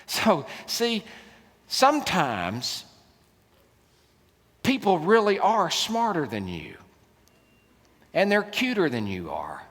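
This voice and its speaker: A middle-aged man, preaching a sermon as a keynote speaker, telling stories with humor and big swings in loudness. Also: high-pitched, wildly swooping pitch, slow pace, long pauses. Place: large hall. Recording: reverberant hall.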